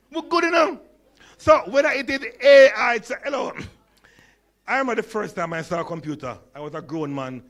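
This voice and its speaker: A Jamaican man in his sixties gives a humorous keynote with a slight stutter and lisp. He tells stories and puts questions to the crowd in a notably high voice. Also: sing-song, normal speed, long pauses, a bit bright. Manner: storytelling, engages audience with questions. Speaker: conference speaker.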